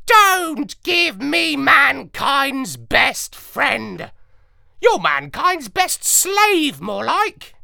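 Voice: sits high, big pitch swings, drawn-out words, gravelly, pushed and bright, no room sound, studio quality, voice pushed up, heavily acted. A storyteller voicing a clever, grumpy male parrot officer who squawks shrilly and scornfully, in a storybook reading. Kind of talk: storybook narration.

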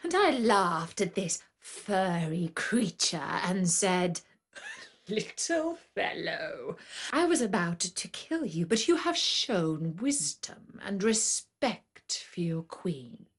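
A woman's voice: fairly low pitch, animated, takes it slowly, hardly any pauses, slightly rough, full character voice. A woman voicing a proud female lion queen who tells her own story in a haughty, stately storybook narration.

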